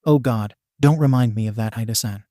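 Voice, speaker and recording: A man's voice: mid-range voice, brisk, mellow, no room sound, clean studio sound, close to an everyday voice. A man reading the lines of a worried young female hero student, in a fan storybook reading.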